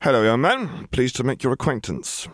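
A man's voice: medium pitch, very animated, normal speed, dry recording, studio quality, pitched above the performer's own voice, natural voice. A man voicing a courteous older former Navy man with formal, wry phrasing. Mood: courtly. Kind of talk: audiobook character voice.

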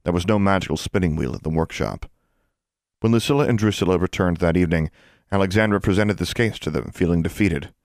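A man narrates a fantasy audiobook in an even, measured way. His voice is very deep, and the recording is dry and close with no room sound. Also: no echo. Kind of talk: scripted narration.

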